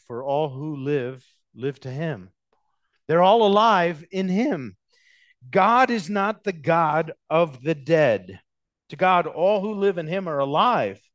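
A man's voice: on the high side, no room sound. Emphatic male preacher, dry close sound. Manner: animated, emphatic preaching with sudden loud stresses and drawn-out words. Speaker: pastor. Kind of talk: expository sermon.

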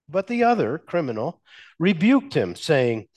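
Unhurried and measured, this sermon comes from a male pastor speaking at a middle pitch. He pauses for emphasis and asks his listeners questions, giving each phrase time to land.

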